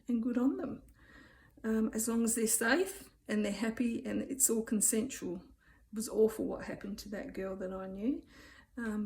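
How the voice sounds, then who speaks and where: A woman's voice: on the high side, a little mellow. Chatty Australian woman in her fifties. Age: 50s. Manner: chatty and rambling, many "um"s and "anyway"s. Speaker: vlogger. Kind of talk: casual storytelling to camera.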